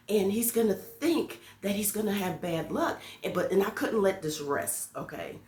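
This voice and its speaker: A woman's voice: medium pitch, a little slow, a little mellow. A woman who works as a teacher, telling a story to her viewers in a casual, playful way, laughing as she goes. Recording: echoey room.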